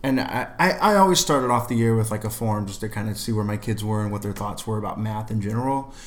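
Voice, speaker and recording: A young adult man, a middle school math teacher, chatting casually with a relaxed storytelling manner. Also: fairly low pitch, fast talker, slight background noise. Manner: relaxed storytelling, many fillers. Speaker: math teacher and podcast co-host. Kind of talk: casual chat.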